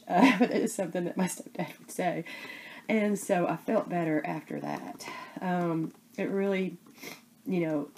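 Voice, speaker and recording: Lady vlogging while she crafts, kinda low mellow voice, rambly and halting. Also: slight background noise. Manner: rambling, halting, many fillers. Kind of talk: casual chat to camera.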